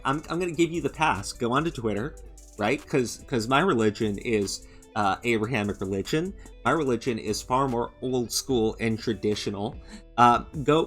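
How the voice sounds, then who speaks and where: A man's voice: mid-range voice, fairly bright tone. Sarcastic, stammering ranting male host. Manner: sarcastic, mocking, frequent laughs, profane; halting restarts and stammered fillers. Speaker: commentary channel host. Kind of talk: ranting commentary. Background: faint background music.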